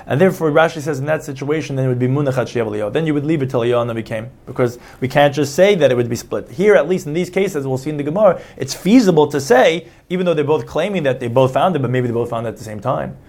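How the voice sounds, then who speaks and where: A man's voice: medium pitch, fast talker, few pauses, darkish tone. A man giving a Talmud study lecture, explaining step by step, restating each point and acting out the quoted claims. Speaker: Talmud teacher.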